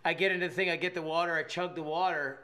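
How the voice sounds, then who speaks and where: High bright-voiced man telling a rambling story. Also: fast talker. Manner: rambling, animated, full of filler words and laughter. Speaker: podcast co-host telling a story. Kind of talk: casual storytelling chat.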